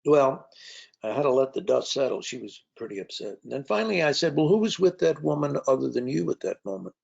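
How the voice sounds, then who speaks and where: A gravelly-voiced man speaks in an easy, anecdotal way, with plenty of fillers and restarts as he tells stories to his listeners. The sound is dull and lo-fi, and his pitch sits in a middle range for a man. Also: big pitch swings, brisk, darkish tone. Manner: conversational, anecdotal, with frequent fillers. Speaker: author and speaker. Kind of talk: storytelling talk. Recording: dull lo-fi recording.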